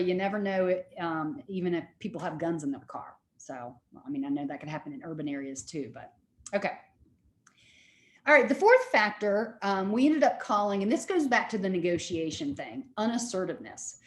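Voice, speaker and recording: Woman lecturer, lively storyteller, mid-pitched voice, roomy echo. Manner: animated storytelling with repetitions. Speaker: lecturer and therapist. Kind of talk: recorded lecture.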